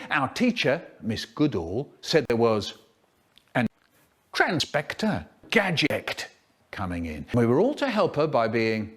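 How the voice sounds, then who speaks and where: A man telling a children's story in a spliced comic edit, with drawn-out words and sudden squeaky jumps in pitch. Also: husky.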